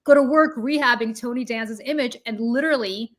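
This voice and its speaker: Animated woman telling a story. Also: a little high, fairly quick. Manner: animated, self-deprecating storytelling. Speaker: podcast host. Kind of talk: casual chat.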